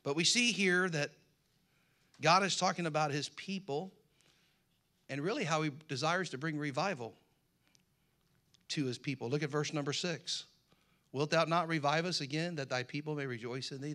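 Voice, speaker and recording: A man's voice: a little high, moderate pace, pauses often, bright, forceful tone. A man preaching a sermon, reading scripture aloud with rising emphasis and slipping in folksy jokes to the congregation. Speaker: pastor.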